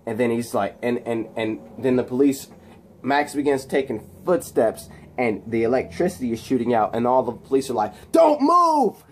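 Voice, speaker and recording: Man narrates a movie scene off the cuff, excitable, throws in sound effects, lots of fillers. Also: mid-range voice, normal speed, a little hiss or hum. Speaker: channel host. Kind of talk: casual movie scene recap.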